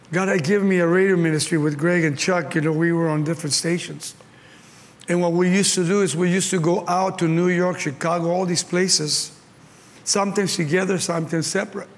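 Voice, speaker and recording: Delivering a conference sermon in a large hall, an older pastor from Mexico speaks with a Mexican Spanish accent, his pitch fairly high and his pace moderate. He tells impassioned stories and performs the voices of the people he quotes. The recording carries long hall reverb and faint ambience.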